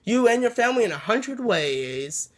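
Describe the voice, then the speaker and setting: A sneering evil ventriloquist dummy, as a man puts him on while retelling a story, taunts in a mocking way. The voice sits fairly high. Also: sing-song, normal speed. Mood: menacing.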